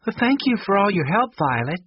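A man's voice: sits high, sing-song, fairly quick, noisy background, voice pushed up. A man reading a storybook aloud and voicing a friendly, clumsy grown woman in a lightly raised, chatty voice, on a dull lo-fi recording.

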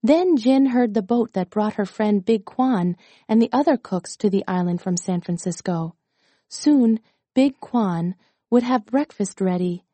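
A woman narrating a children's chapter book aloud in a calm, clear reading voice. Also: mid-range voice, measured pace, no room sound. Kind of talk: storybook read-aloud.

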